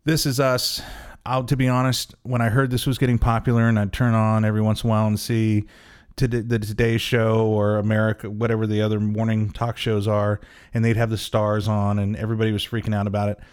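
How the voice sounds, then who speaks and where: Guy co-hosting a podcast, lowish voice, rambles and restarts a lot, laughs easy. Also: monotone, brisk, darkish tone, smooth. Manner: rambling, hesitant, many restarts, laughs easily. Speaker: podcast co-host. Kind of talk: casual chat.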